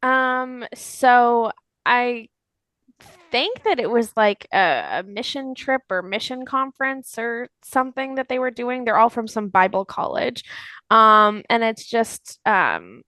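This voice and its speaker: A young woman from Florida, a podcast guest in casual political chat, animated, swearing freely and laughing often. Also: a little high, takes it slowly, no echo.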